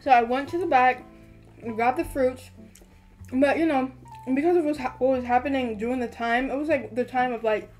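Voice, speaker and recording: High-voiced young woman telling a story. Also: normal speed, soft background music. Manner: animated storytelling, lots of "like". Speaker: podcast co-host. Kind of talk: casual storytelling chat.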